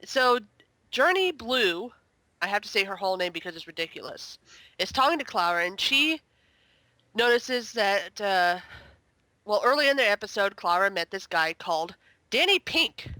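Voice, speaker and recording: A woman chatting casually as a guest on a review podcast, exasperated and full of quick asides. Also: medium pitch, very animated, pushed and bright, no room sound.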